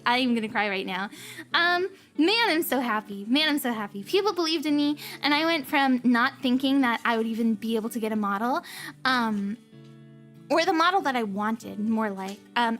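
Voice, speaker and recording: A woman's voice: high-pitched, a bit bright. A woman streamer chatting casually with her viewers, gushing and emotional, often close to tears and giggling. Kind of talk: casual livestream chat.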